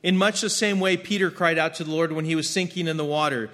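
A man preaching a sermon and reading scripture aloud, earnest, swinging between emphatic lines and hushed ones, often repeating his words. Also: a little high, fairly even intonation, fast talker. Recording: long hall reverb.

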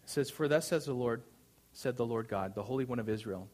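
A man with a medium-pitched voice preaches a sermon a little fast, in a conversational style full of fillers and restarts. At times he builds up to loud proclamation.

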